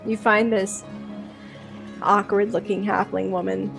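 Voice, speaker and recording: Slow-talking woman game master. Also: medium pitch, level tone, vocal fry, over music. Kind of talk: narrating a tabletop game.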